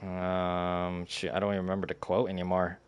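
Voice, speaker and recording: A man's voice: sits low, monotone, normal speed, clear, resonant tone. A young man streaming a game and chatting casually, rambling with lots of fillers, restarts and giggles.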